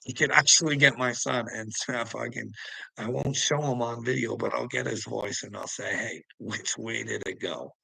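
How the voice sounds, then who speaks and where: Male vlogger, gravelly and bright-edged, preachy and taunting, rambling monologue, dry close mic. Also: medium pitch, steady tone, normal speed, no echo, low-quality recording. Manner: preachy and taunting, jumps between topics, laughs to himself. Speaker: vlogger answering commenters. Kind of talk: casual rambling monologue to viewers.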